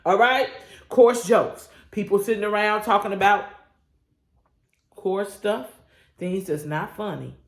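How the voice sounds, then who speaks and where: A woman's voice: mid-range voice, measured pace, long pauses. A woman leading a morning devotion on her own channel, preaching with call-and-response energy and folksy asides. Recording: roomy echo.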